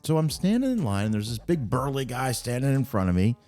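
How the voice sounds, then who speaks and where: Soft background music plays as a man, a guest on a podcast, storytells casually, animatedly recounting funny things that happened to him and performing other people's lines in their voices. He speaks a little fast at a medium pitch.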